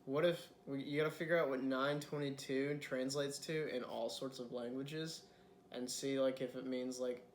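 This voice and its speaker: A man's voice: medium pitch, fairly even intonation, moderate pace, slight background noise. A man co-hosting a podcast in casual chat, rambling and full of filler words. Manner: rambling, lots of "like". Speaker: podcast co-host.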